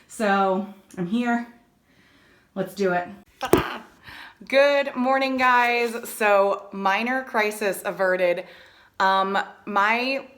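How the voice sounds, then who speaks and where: A woman's voice: medium pitch, a bit bright. Young woman, travel vlogger; loose, chatty, filler-heavy delivery to a handheld camera, a bit winded. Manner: chatty, complaining, lots of "like". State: out of breath. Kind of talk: casual vlog chat. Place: small rented room in a villa.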